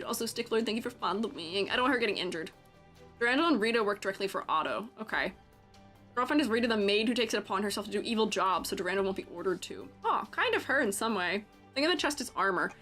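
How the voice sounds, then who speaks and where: A woman character design teacher chats through a live stream in a slightly high, very lively voice. She is animated, laughs often and reads the chat aloud. Soft music plays faintly behind her. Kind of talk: casual live-stream commentary.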